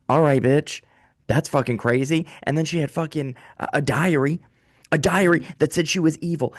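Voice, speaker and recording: Lively, profane, ranting comedian. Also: male voice, mid-range voice, a little fast, dry recording, clean studio sound. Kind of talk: casual comedic monologue. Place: small rented office.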